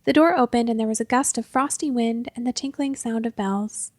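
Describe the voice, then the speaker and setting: A woman narrating a short fantasy story in a calm, even storytelling manner. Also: a little high, a little fast, no room sound. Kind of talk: audiobook story reading.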